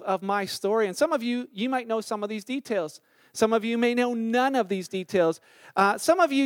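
A man's voice: high-pitched, no echo, clean studio sound. A middle-aged man, a pastor giving a conversational sermon, telling a self-deprecating personal story with filler words and restarts.

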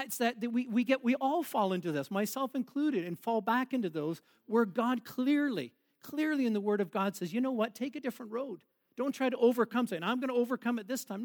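A man preaching a sermon as pastor in a church, joking and laughing with the congregation. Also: sits high. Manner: jokey, playful, laughs with the congregation.

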